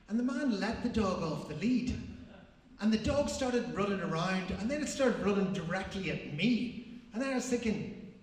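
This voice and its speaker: A man's voice: high-pitched, expressive, normal speed. A man giving a rambling, repetitive, self-mocking live performance monologue in a large gallery hall. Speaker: performance artist. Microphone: distant room mic. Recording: echoey hall recorded from far off.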